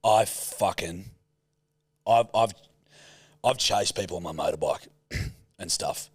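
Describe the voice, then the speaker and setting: A man's voice: low-pitched, slow, slightly rough, no echo. A man co-hosting a podcast, telling a road rage story in casual chat and swearing a lot. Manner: swears a lot, animated retelling. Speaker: podcast co-host.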